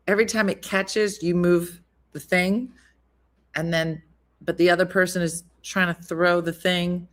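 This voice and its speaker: A woman's voice: fairly low pitch, a bit bright. A woman hosting a casual live stream, chatting, reading viewer comments and telling stories with frequent laughs. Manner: chatty storyteller, laughs often. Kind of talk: casual chat.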